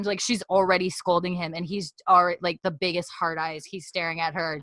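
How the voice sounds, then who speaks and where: A woman co-hosting a podcast, recapping a TV episode in casual chat and acting out the characters' lines in quick put-on voices. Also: fairly low pitch, fairly even intonation, fairly bright tone, dry recording. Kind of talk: casual chat, animated retelling.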